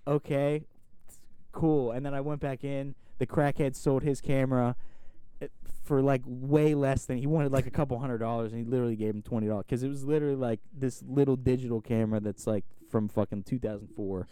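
A man's voice: medium pitch, fairly even intonation, brisk, warm tone, clean tone, dry recording. A young man telling a long story in casual chat, rambling with lots of filler words and swearing. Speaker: podcast host.

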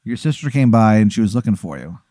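A man with an animated, bouncing pitch plays along with a comic hypothetical, laughing easily and answering in earnest. His voice sounds dry and close, recorded right at the mic. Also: no room sound. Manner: playful, quick to laugh, answers as if really in the scenario. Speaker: podcast host, comedy club owner. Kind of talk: casual comedic chat.

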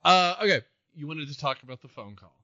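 Man, podcast co-host, bright and a bit high-voiced, lively and jokey, dull dry recording. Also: a little fast, no echo. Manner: animated, laughs often, acts out quotes. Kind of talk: casual movie-review chat.

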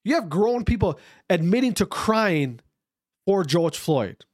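Slow, animated, blunt ranting voice. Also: mid-range voice. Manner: emphatic, repeats rhetorical questions; blunt, swears for emphasis. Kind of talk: opinion rant to camera.

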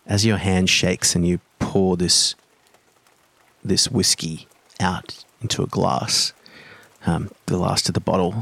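A man narrating as game master of a tabletop horror game, measured and hesitant, with fillers. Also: deep voice, gravelly, fairly bright tone, husky, no room sound.

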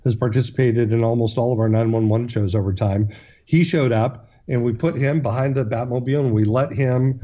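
A man's voice: medium pitch, steady tone, brisk, mellow, lo-fi sound. A man, a guest in an interview, telling a long story earnestly, with frequent restarts and fillers.

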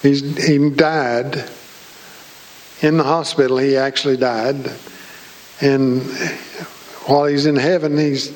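A man's voice: medium pitch, level tone, takes it slowly, long pauses, a little mellow, slight background noise, poor audio. A man preaching a sermon in church, folksy and joking with his congregation. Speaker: pastor.

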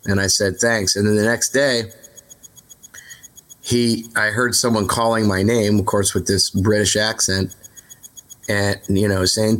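A rock singer being interviewed, telling rambling road stories in a relaxed, candid way, full of fillers and restarts. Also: male voice, lowish voice, unhurried. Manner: relaxed, candid, mildly profane. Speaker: rock singer, podcast guest. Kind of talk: casual interview storytelling.

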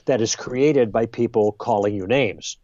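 Dark-toned man explaining animatedly. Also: fairly low pitch, measured pace, dull audio. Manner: lively, role-plays exchanges with emphasis. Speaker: guest author. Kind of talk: conversational explaining.

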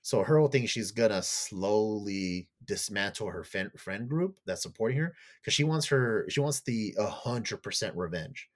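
A man's voice: lowish voice, animated, normal speed, hardly any pauses. A man on a podcast casually retelling a show's plot, swearing freely and raising his voice to act out characters' lines. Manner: loose, profane storytelling; acts out characters' lines in a raised voice. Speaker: podcast co-host.

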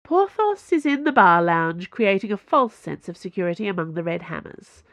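A woman's voice: medium pitch, animated, normal speed, a bit bright, dry recording. A woman voicing a smug, flirtatious swordswoman, with a teasing manner. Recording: dull lo-fi dry recording.

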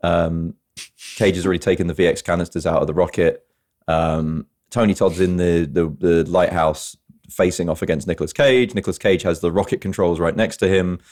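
Low-voiced man retelling film scenes. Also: fairly quick. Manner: animated storyteller, retells scenes with quoted lines. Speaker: podcast host. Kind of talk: casual film podcast chat.

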